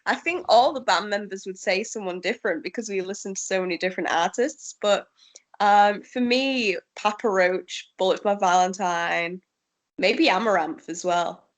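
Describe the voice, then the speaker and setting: A woman's voice: mid-range voice, normal speed. A woman, a rock musician talking casually in an interview, easygoing and chatty with many ums and frequent laughs.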